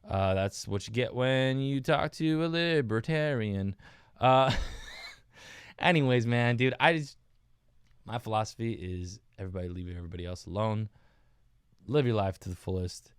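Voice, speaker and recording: A man's voice: medium pitch, moderate pace, smooth, dry recording, studio quality. A young man hosting his own podcast, rambling and joking at his own expense, calling listeners dude and man. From United States. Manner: rambling, self-mocking, says dude and man a lot. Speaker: podcast host. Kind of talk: casual solo podcast talk.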